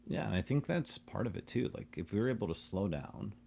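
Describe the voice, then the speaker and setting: A man's voice: on the low side, animated, a little fast, vocal fry, dark tone, slight background noise. A man co-hosting a casual podcast, asking probing questions and making teasing asides. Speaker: podcast co-host.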